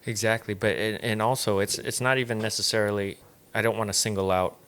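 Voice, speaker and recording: A man with a lowish voice talks as a podcast guest in an easygoing chat. He speaks with strong emphasis and swears freely to drive his points home. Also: steady tone, brisk, fairly bright tone, smooth. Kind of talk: casual chat.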